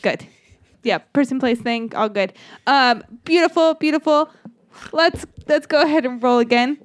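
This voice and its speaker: A woman's voice: a little high, lively intonation, normal speed, dry recording. A woman hosting a casual podcast chat, upbeat as she leads a game segment and awards points.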